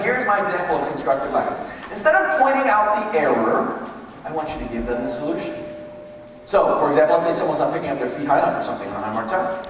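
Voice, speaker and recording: A man leads a motivational workshop for a group, telling stories with animated delivery. His pitch sits high and swings widely as he acts out each quote. He is caught from far off in a big, echoing hall with faint room noise behind him. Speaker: leadership workshop presenter. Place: large room with tables, echoey.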